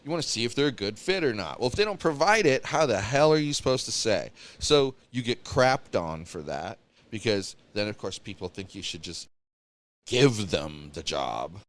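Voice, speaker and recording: A man co-hosting a podcast in casual chat, ranting in an animated way and mocking other people in quotes. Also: fairly low pitch, moderate pace. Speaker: podcast co-host.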